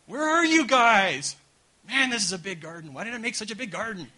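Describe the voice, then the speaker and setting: Man doing a bewildered God searching a huge garden, comic, high and quick. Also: expressive, pushed and bright, full character voice. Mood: comic bewilderment.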